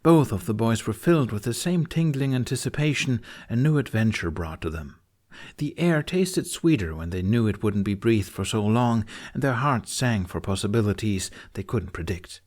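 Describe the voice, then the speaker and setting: A man narrating a fan audiobook chapter in a measured storytelling manner. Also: on the low side, lively intonation, a little mellow.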